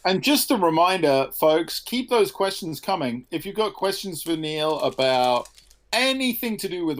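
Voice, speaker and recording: A man co-hosting a livestream, casually reminding viewers to send in questions. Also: a little high. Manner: upbeat, prompts viewers for questions. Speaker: livestream co-host. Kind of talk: casual chat.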